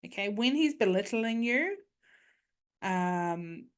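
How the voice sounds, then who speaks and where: A woman's voice: mid-range voice, animated, slow, clear, resonant tone. A woman, hosting a podcast and giving casual, coaching advice, often checking in with "okay?". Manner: chatty, coaching, frequent "okay?". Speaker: podcast host.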